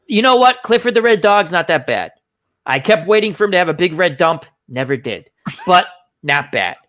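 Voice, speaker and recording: A man hosting a casual online chat, with a fairly high voice that swoops up and down as he acts out every line of a story. The audio is dull and lo-fi, like a low-quality stream. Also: normal speed. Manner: animated storytelling, acts out quotes. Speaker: show host.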